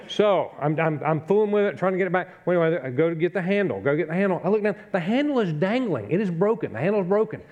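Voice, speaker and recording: A man's voice: sits high, animated, quick pace, hardly any pauses, a little mellow, lo-fi sound. A middle-aged male pastor preaching a conversational sermon, telling a self-deprecating story and acting out his own frustration.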